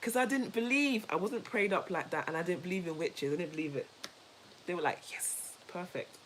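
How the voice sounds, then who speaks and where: A woman co-hosting a casual chat, telling a story in an animated, emphatic way, repeating herself and laughing easily. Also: lowish voice, a little fast, slight background noise, poor audio. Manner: laughs easily while talking. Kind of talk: casual chat with a co-host and viewers.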